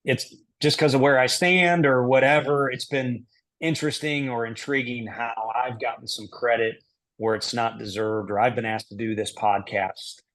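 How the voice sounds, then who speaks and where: A middle-aged man speaking at a middling pitch, talking casually as a guest. He laughs often and works his way through answers aloud, poking fun at himself. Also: fairly even intonation, moderate pace, a bit bright. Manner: laughs easily, talks through answers aloud with self-deprecating humor. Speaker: head baseball coach, podcast guest.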